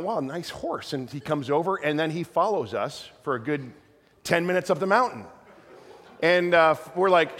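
Animated man preaching in a reverberant hall. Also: fairly high pitch. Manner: animated, rambling storyteller with many restarts. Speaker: pastor. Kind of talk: sermon storytelling. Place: church sanctuary.

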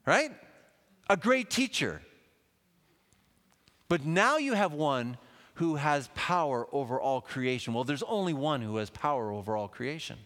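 A man preaching a sermon in a lively, conversational way, with asides to the congregation. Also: fairly high pitch, measured pace, long pauses. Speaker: pastor. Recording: long hall reverb.

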